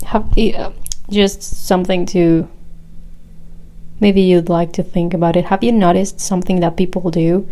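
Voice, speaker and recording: Slow, rambling woman podcaster. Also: medium pitch, mellow, poor audio. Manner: chatty, rambling, laughs often, hesitant restarts. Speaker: podcast host. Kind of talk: casual solo podcast chat.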